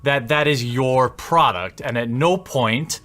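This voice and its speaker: A man speaking a monologue to camera, laying out his argument in a measured way with rising endings. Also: mid-range voice, sharp tone. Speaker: commentator in a played video.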